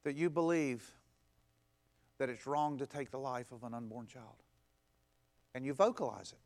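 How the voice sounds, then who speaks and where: A pastor preaching a conversational sermon, stacking emphatic, repeated phrases and acting out what people say. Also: male voice, mid-range voice, expressive, moderate pace, long pauses, a little mellow. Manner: repetitive, emphatic build-ups.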